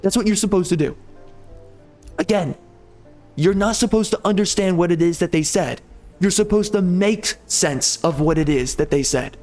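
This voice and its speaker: Seething with agitation, this male gaming host curses and rages over his gameplay, tripping over words and repeating himself. His voice sits high and a little mellow, moving at a moderate pace with soft music in the background.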